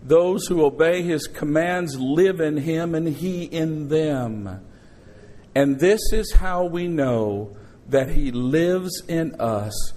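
A middle-aged man preaches from the pulpit with a high-pitched voice. He tells a personal story, then turns it into a lesson. He keeps calling out to the congregation for responses. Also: takes it slowly, warm tone. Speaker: pastor. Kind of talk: sermon.

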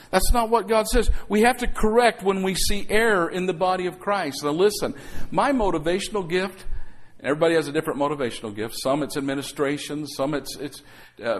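A man pastor preaching a sermon to his congregation, calling out for amens and acting out quotes. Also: a little high. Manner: calls for amens, acts out quotes. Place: church sanctuary.

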